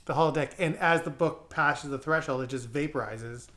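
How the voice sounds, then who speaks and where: A man co-hosting a casual podcast chat, halting and repeating words as he recalls details. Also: fairly high pitch, pushed and bright. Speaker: podcast co-host.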